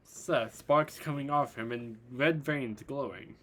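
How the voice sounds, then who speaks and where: A man narrating a fan-made story in an unhurried, halting way. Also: mid-range voice, bright, forceful tone.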